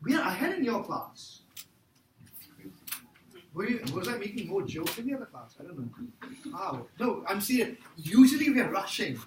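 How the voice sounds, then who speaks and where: High-voiced man teaching math, echoey classroom. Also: big pitch swings, moderate pace, pauses often. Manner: joking, quizzes the class. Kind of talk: classroom lecture. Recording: echoey room from far off, faint noise.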